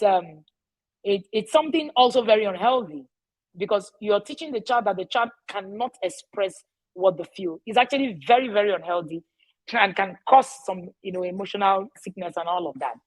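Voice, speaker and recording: In a mid-range voice on a rough recording, a middle-aged parenting educator chats casually with parents. She is emphatic, goes back over key phrases and often checks in by asking "all right?".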